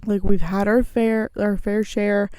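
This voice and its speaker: Slow-talking woman, smooth dry voice. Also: medium pitch, little pitch movement, warm tone, no echo. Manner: rambling, many fillers and restarts. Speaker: podcast co-host. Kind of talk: casual chat.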